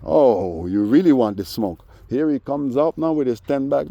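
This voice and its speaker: A man's voice: medium pitch, moderate pace, no room sound. A man telling a heated street story in a casual rant, acting out what other people said to him. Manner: animated, acts out other people's lines. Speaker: vlogger.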